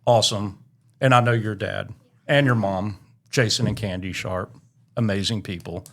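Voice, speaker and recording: A man's voice: lowish voice, steady tone, normal speed, fairly bright tone. A middle-aged man hosting a casual church podcast, teasing guests and telling dad jokes. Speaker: podcast host. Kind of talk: casual interview chat.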